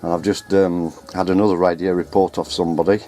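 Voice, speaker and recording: Talking fast in a warm, low voice with little pitch movement, a man gives casual running commentary to a handheld camera. He's a radio hobbyist vlogger, rambling and self-correcting while on ladders and in the garden at home. The handheld camera mic captures the audio.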